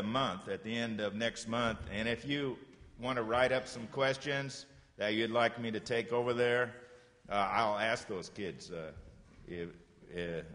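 A man teaches a group of children with a patient, encouraging voice at an ordinary middle pitch. He slowly repeats short phrases so they can echo them. The sound carries a long reverb from the room. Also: a bit bright. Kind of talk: classroom lesson for children.

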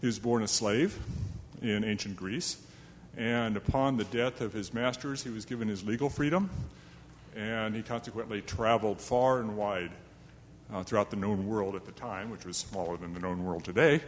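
A man's voice: lowish voice, moderate pace, in a large hall, slight background noise. A man telling a fable to a young live audience in a chatty, self-deprecating way, with asides to his listeners. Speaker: storyteller.

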